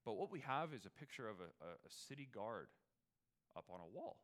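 A man preaching a Christmas sermon, moving from quiet, conversational reflection to loud, ringing proclamation. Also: medium pitch, very animated, brisk. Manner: swings from hushed reflection to loud, soaring proclamation; conversational asides, fillers and restarts.

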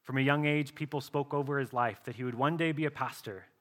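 A male pastor preaching a sermon earnestly, often dropping to a soft, slow voice for emphasis. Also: medium pitch.

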